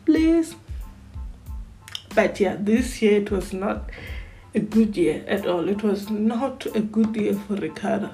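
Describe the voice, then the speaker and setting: Slow, mellow-voiced woman chatting. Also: medium pitch, soft background music, rough recording. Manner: chatty, repeats words, sighs and pleads. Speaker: Formula One fan vlogger. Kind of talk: casual fan commentary.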